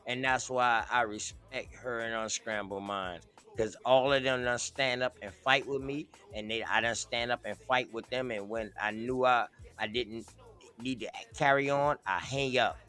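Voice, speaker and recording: A man's voice: medium pitch, fairly bright tone, clear, resonant tone. A man hosting a casual online group chat, telling loose stories full of slang and laughter. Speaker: host.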